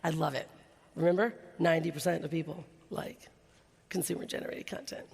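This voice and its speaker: A woman giving an energetic keynote talk on a conference stage, excitable and quick with asides. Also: low voice, gravelly, slightly rough. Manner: excitable, laughs often, rapid asides. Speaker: keynote speaker. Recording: reverberant hall recording.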